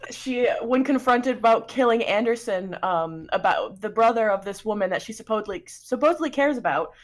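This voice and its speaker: A woman's voice: fairly high pitch, expressive. Chatty woman recapping a tabletop game. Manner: fast, chatty, giggly storytelling.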